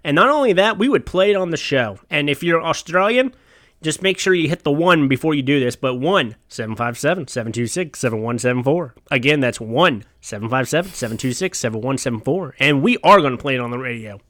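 A man's voice: on the high side, lively intonation, a little fast, fairly bright tone, no room sound. A young man hosting a sports podcast, joking around in casual, rambling banter. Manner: jokey, playful, rambling. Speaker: podcast host.

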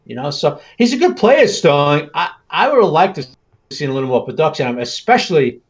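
A man's voice: a little high, sing-song, brisk, lo-fi sound. A man co-hosting a sports podcast, talking frankly and casually with lots of "you know". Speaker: podcast co-host.

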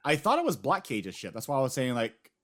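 A man casually discussing anime on a podcast, lively and laughing often. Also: mid-range voice, a little fast. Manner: animated, laughs often, acts out quotes.

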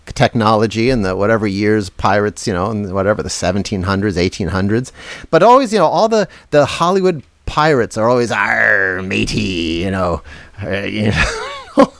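Man, podcast co-host, animated pitch, dry close sound, curious, laughs easily. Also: no echo. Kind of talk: casual chat.

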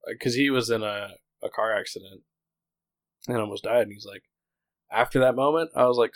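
A man's voice: on the low side, fairly even intonation, moderate pace, no room sound, low-quality recording. A man in his thirties, co-hosting a podcast, talking candidly in a rambling casual chat full of "like" fillers. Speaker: podcast co-host.

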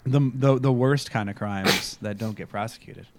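A man hosting a casual chat recapping a TV episode, joking and slipping into quick character impressions. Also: fairly low pitch, noisy background.

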